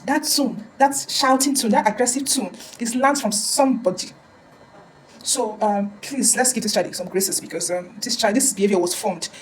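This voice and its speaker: A woman's voice: on the high side, moderate pace, a little hiss or hum, poor audio. A woman counselor giving earnest advice in a casual talk, often repeating words and restarting.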